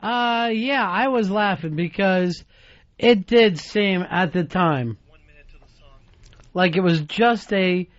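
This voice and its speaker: A man's voice: sits high, slow pace, lo-fi sound. A man hosting a talk radio show, blunt, profane and teasing as he takes calls. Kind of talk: casual talk radio banter.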